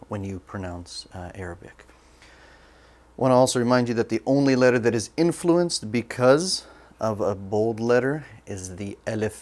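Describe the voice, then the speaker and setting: A man's voice: lowish voice, darkish tone. A man teaching a beginner Arabic lesson, patiently sounding out each word syllable by syllable and then repeating it. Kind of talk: slow online language lesson.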